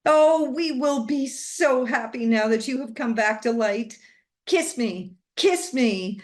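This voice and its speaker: A woman's voice: a little high, animated, slow, pitched above the performer's own voice. A woman reading aloud and voicing an unhinged, grieving older woman who speaks passionately and entreatingly. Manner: passionate, entreating, a little wild. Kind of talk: storybook reading.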